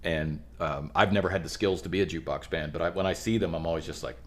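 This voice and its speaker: Deep-voiced man, animated band storyteller. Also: fast. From Pittsburgh area, USA. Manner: animated storytelling, rambling restarts. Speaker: podcast guest, musician. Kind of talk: casual chat.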